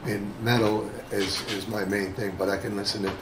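A bass player and singer, from the Bronx, talking casually in an oral-history interview with many fillers and restarts. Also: male voice, flat delivery, fairly quick. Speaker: bassist and singer. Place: room with other band members. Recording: roomy echo with clear background noise.

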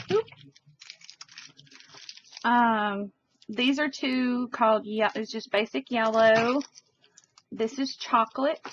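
Slow-talking crafting instructor woman, lo-fi. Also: on the high side, a bit bright. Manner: chatty, enthusiastic, many fillers. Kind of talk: craft tutorial.

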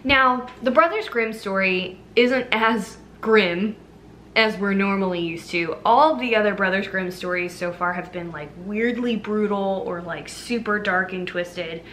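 A woman's voice: mid-range voice, a little slow, a bit bright, a little hiss or hum. A young adult woman retelling a fairy tale for a movie review vlog, chatty and full of fillers. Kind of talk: casual storytelling review.

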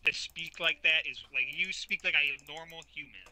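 A young man with a very bright, cutting voice pitched a little high, bantering with a friend over a game. He rants and swears freely, jumps between jokes and complaints, and keeps the talk loose and casual. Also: moderate pace, poor audio. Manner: profane, ranting, joking. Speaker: gamer. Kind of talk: casual banter while gaming.

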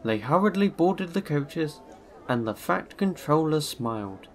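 A man narrating a children's storybook in an expressive way. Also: fairly high pitch, a little slow, a faint crowd. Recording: music underneath.

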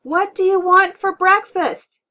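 Woman voicing a worn-out shouting mom. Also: extremely high pitch, measured pace, pitched above the performer's own voice, full character voice. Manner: shouting over a blaring TV. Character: tired loud mother of four.

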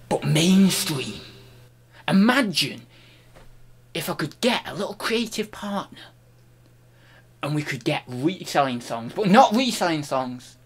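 Playful man, lively bright voice. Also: a little high. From United Kingdom. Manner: playful and mock-grandiose, swinging between loud outbursts and hushed murmurs; talks while chewing an apple. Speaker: online reseller and channel host. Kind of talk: comic vlog monologue.

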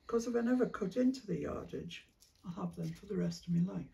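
Gravelly woman chatting off-mic. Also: fairly low pitch, animated, fairly quick, distant mic. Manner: chatty, musing, drops into soft whispered asides. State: coughing now and then. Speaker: craft vlogger. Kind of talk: casual chat while sorting fabric.

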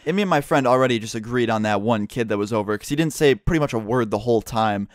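A man's voice: medium pitch, no room sound, clean studio sound. A young man telling a casual story to camera, rambling and swearing freely. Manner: rapid, profane, rambling storytelling. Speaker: vlogger.

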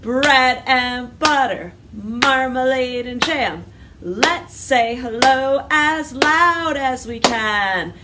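A woman leads children's storytime in a coaxing, sing-song way, teaching a simple hello song. Her voice sits a little high and moves at an unhurried pace. She sounds distant from the microphone, with clear noise running underneath. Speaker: librarian leading storytime.

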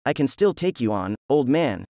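A man's voice: medium pitch, sing-song, moderate pace, darkish tone, dry recording. Cocky teen ninja antihero, smug and mocking, a guy reading him in a dry voice. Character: cocky reckless teenage boy ninja antihero.

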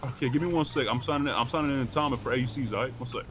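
A man's voice: mid-range voice, noisy background. A man role-playing in character, teasing and full of street slang. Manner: fast, slangy, teasing banter. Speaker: game role-player. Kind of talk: in-character role-play chat.

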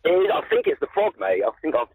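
A man's voice: sits high, wildly swooping pitch, quick pace, a little mellow, rough recording. A man calling in to a radio show, chirpy and casual. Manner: chirpy, casual, says mate a lot. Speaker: caller. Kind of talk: phone-in call.

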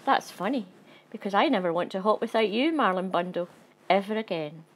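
A woman voicing a sweet young male bunny in a storybook reading, gentle and eager, a little higher than her own voice. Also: animated, a little fast, lightly acted.

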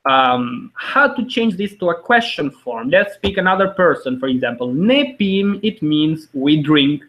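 A man teaching a live online language lesson, explaining slowly and repeating example phrases. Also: a little high, expressive, lo-fi sound.

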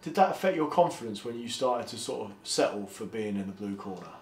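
A man hosting an interview, asking halting questions full of "sort of" and "you know". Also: fairly low pitch, animated, darkish tone. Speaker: interviewer, host. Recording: roomy echo, faint background noise.

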